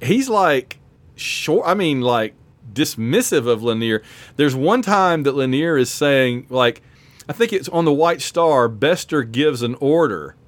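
A male podcast co-host with a medium-pitched voice chats casually at a measured pace. He's animated, acting out quotes and laughing along the way. The recording is dry.

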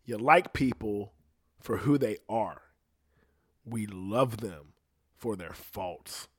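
A man's voice: fairly low pitch, takes it slowly, breathy edge. Rambling profane man hosting a solo podcast. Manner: loose, profane, rambling with many "you know what I mean". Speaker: podcast host.

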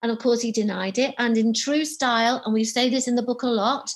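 A woman's voice: on the high side, a little fast. A middle-aged woman, an author and psychotherapist, telling a personal story in an interview and acting out remembered dialogue. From United Kingdom. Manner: animated, acts out remembered dialogue.

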